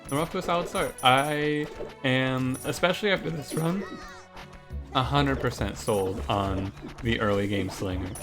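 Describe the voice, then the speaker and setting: A man's voice: medium pitch, normal speed. A man giving casual gameplay commentary, rambling and joking as he often cuts himself off mid-sentence. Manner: rambling, jokey, self-interrupting. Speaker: gaming commentator. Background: background music.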